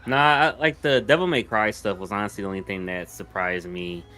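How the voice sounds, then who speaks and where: Brief: lower-voiced man with a sharp, bright tone, candid and a bit halting. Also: steady tone, faint music behind. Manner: hesitant, candid, many ums. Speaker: panel guest. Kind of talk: casual group chat.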